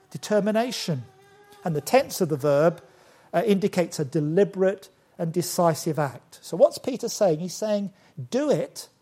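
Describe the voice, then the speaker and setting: An older man preaching a sermon, emphatic, slowing to stress key words. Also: sits high, darkish tone. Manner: emphatic, with slow deliberate stresses.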